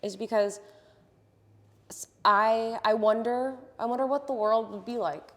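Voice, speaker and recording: A woman's voice: a little high, steady tone, a little slow, long reverb tail. A woman health coach talking earnestly and passionately, explaining things step by step as a podcast guest. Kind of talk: casual interview chat.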